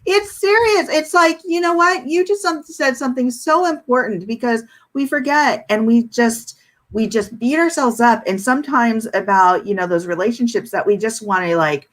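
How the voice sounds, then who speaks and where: A woman's voice: on the high side, normal speed. A woman hosting a podcast, chatting casually and affirming her co-host before reflecting on the topic. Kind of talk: casual chat.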